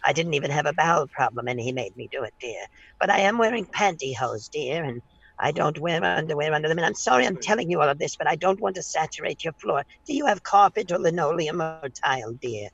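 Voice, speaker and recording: A man doing a croaky, pushy 87-year-old granny. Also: on the high side, lively intonation, fast talker, a bit bright, no room sound, dull audio, full character voice. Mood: politely crude. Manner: croaky granny voice, ends every line with "dear". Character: 87-year-old woman, sweetly lewd and pushy. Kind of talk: prank phone call.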